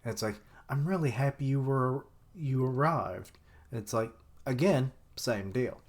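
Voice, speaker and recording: A man's voice: mid-range voice, measured pace. A man giving casual live reaction commentary on an anime, swearing freely and thinking aloud.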